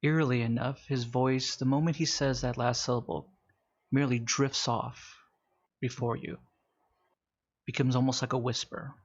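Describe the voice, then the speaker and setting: A man acts as game master for a tabletop game, narrating casually with fillers and slowing down during calm scenes. His voice is mid-range, and the recording sounds muffled.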